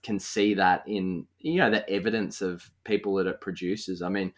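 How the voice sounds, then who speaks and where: A young Australian man hosts a relaxed interview, talking through his thoughts with plenty of fillers. His voice is very deep. He sounds thoughtful and easygoing. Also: normal speed. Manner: thoughtful, conversational, many fillers. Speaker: podcast host. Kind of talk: casual interview conversation.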